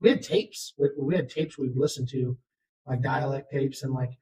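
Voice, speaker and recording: A man's voice: mid-range voice, steady tone, normal speed, crowd noise, rough recording. A man co-hosting a podcast, telling rambling, self-deprecating stories in casual chat. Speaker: podcast co-host.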